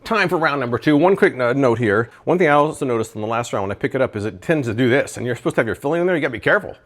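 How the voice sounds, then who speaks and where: A product reviewer chats casually in his home kitchen, testing kitchen gadgets and thinking aloud as he cooks for a laid-back review vlog. His mid-range voice is a bit bright, with lively intonation and a rapid-fire delivery.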